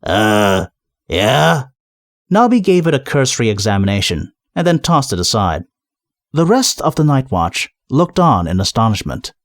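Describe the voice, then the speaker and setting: A man narrating a comic fantasy audiobook in a lively, expressive storytelling voice. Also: medium pitch, normal speed, dry recording, clean studio sound.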